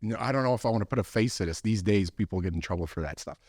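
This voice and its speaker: A young man co-hosting a podcast, telling a story with lively acted-out voices and frequent laughs. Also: on the low side, rapid-fire, no echo, studio quality. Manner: animated storyteller, acts out voices, laughs often. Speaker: podcast co-host. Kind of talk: casual storytelling chat.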